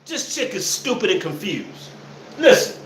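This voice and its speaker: Laughing, mocking man with a bright voice. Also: high voice, sing-song, measured pace. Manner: loud laughing, mocking, repeats phrases. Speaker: host reacting to clips. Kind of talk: mocking commentary. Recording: echoey room, faint noise.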